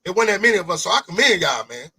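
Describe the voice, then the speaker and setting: A man hosting a casual podcast, talking in animated, rambling bursts full of swearing and restarts. His voice sits high and has a gravelly, husky edge. The sound is dry and close. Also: rapid-fire, no echo, low-quality recording. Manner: animated, rambling, profane, repeats himself. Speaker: podcast host. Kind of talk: casual interview chat.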